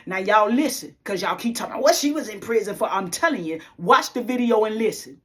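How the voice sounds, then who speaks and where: A woman of middle pitch shares her faith testimony with real conviction. She talks straight to her listeners like a preacher, leans hard on key lines, and keeps slipping into a hushed, close whisper. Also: expressive, a little fast, few pauses. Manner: emphatic, preacher-like, addresses viewers as y'all. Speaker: testimony speaker.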